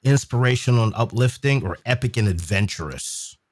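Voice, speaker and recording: A man hosting a casual livestream, reading out questions in a brisk, matter-of-fact way. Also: medium pitch, expressive, no echo, clean studio sound.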